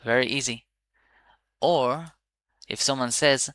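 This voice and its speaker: A man teaching a beginner language lesson, upbeat and encouraging, repeating words slowly so learners can follow. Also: mid-range voice, bright, forceful tone, no echo.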